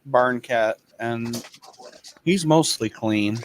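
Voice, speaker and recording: A man in a casual chat, relaxed and searching for words. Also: medium pitch, very slow, a little hiss or hum, low-quality recording.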